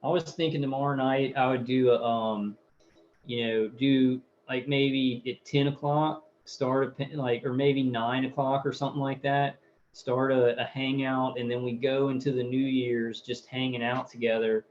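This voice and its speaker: A man's voice: mid-range voice, little pitch movement, moderate pace, a little mellow, dull audio, slight background noise. A man hosting a casual livestream, reading viewer comments aloud and rambling with hesitations and fillers.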